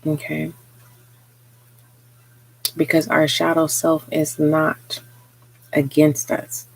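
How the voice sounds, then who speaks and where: A tarot reader giving a live spiritual reading, talking slowly and earnestly with frequent pauses and fillers. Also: mid-range voice, completely flat delivery, creaky, husky, poor audio. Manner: slow, hesitant, many pauses and fillers; earnest, encouraging.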